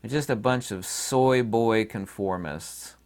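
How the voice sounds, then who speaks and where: A man's voice: lowish voice, takes it slowly, a little mellow. A man hosting his own channel, talking in a rambling, opinionated and folksy casual monologue. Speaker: channel host.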